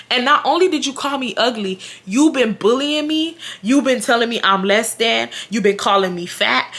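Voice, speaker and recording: A woman's voice: a little high, fairly bright tone. A young woman telling a story on her vlog. She is blunt and profane, and speaks straight to her viewers. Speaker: vlogger.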